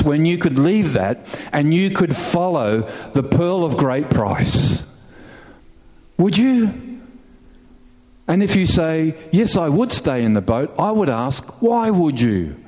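A middle-aged man preaching a sermon, telling a story with animated emphasis, asking the listeners questions and laughing now and then. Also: on the high side, takes it slowly. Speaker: pastor.

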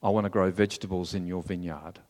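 A man voicing a greedy, sulking king who wheedles quickly and softly. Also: deep voice, steady tone, pitched below the performer's own voice, natural voice. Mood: wheedling. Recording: long hall reverb.

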